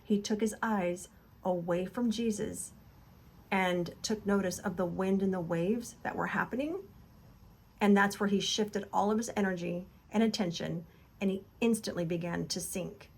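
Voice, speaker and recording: Woman, devotional host, earnest, encouraging, conversational, plain middle pitch. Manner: retells scripture in her own loose words. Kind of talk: casual devotional talk.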